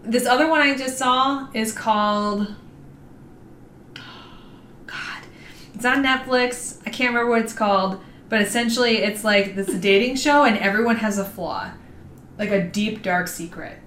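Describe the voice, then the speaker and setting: A woman's voice: fairly high pitch, unhurried, pauses often, a bit bright. A woman co-hosting a podcast, chatting casually and animatedly, acting out little quotes as she tells stories. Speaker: podcast co-host. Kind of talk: casual chat. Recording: echoey room, faint noise.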